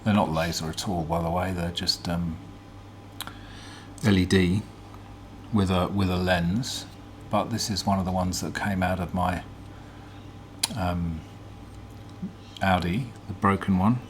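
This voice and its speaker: A man hosting a casual teardown demonstration, talking in a relaxed, hesitant way with frequent ums as he explains. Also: sits low, unhurried, pauses often, slight background noise. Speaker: vlog host.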